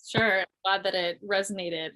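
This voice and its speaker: Woman, 30s, from Missouri; interview guest, reflective and chatty, middle pitch. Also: steady tone, normal speed, bright, forceful tone. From Missouri, USA. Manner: reflective, frequent "like" fillers, light laughs. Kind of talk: casual interview talk. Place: remote audio interview.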